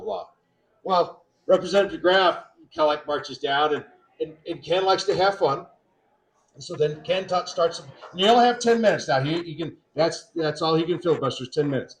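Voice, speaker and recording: Guy on a panel telling a story, kinda high voice, acts out the quotes. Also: rough recording. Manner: animated anecdote with quoted asides. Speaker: state representative.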